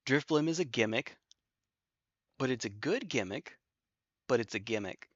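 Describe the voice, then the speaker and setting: A man's voice: medium pitch, expressive, moderate pace, no echo, lo-fi sound. Jokey man thinking aloud while streaming. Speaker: streamer playing online battles. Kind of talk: casual livestream commentary.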